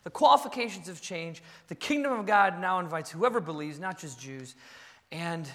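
A man preaching a sermon as pastor, swinging between loud bursts and quiet asides. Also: high-pitched, moderate pace. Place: church sanctuary. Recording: long reverb of a large hall.

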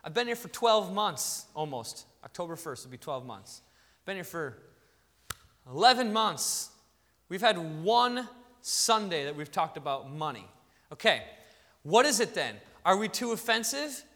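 A man, a pastor, giving a sermon in a conversational, animated, joking way in a church sanctuary. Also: high voice, unhurried, big-room sound.

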